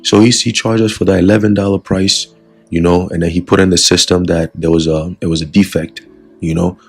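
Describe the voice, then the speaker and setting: A man giving a casual spoken testimony of a dream as a religious lesson, relaxed and full of fillers. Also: sits low, a little fast, husky. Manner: relaxed storytelling with many fillers. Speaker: religious teacher recounting a dream.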